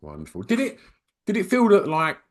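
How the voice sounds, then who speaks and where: An English man hosts an interview podcast. His pitch rises and falls in a lively way as he builds long, looping questions. He sounds eager as he draws his guest out. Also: brisk. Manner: enthusiastic, meandering questions. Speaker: podcast host. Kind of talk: casual interview.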